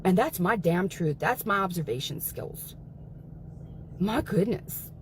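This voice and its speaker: A woman's voice: on the low side, animated, measured pace, slight background noise, rough recording. A woman talking angrily and emphatically on a livestream, swearing often as she vents. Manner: angry, profane, emphatic. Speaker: guest. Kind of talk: heated livestream talk.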